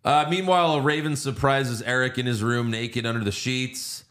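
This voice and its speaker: On his laid-back movie review podcast, a male host recounts scenes and performs lines, cursing freely. His voice is medium-pitched and fairly bright, with fairly even intonation and a normal speed.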